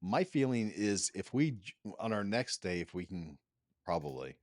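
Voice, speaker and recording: A man's voice: fairly low pitch, big pitch swings, moderate pace, a little mellow, no room sound, clean studio sound. A man co-hosting a business podcast, chatting casually and teasing his co-host. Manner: playful, teasing banter. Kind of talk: casual chat.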